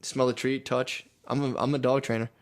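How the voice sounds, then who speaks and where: A young man trades casual banter as co-host of a comedy podcast. He swears freely and breaks into laughter as he tells his stories. His pitch sits around the middle for a man. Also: moderate pace. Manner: animated, swears a lot, laughs often.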